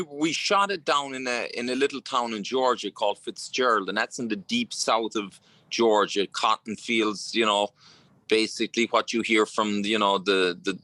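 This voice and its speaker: An Irish actor chatting casually as an interview guest, telling relaxed stories with plenty of fillers. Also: male voice, fairly low pitch, dry recording. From Ireland. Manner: anecdotal, relaxed storytelling with frequent fillers.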